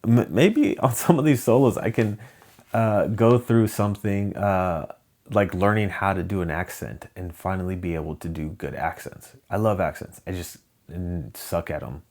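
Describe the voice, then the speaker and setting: A man's voice: deep voice, moderate pace, darkish tone. A man from Southern California hosting a solo podcast, rambling and hesitant, with many ums and restarts. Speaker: podcast host. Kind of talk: casual solo podcast chat.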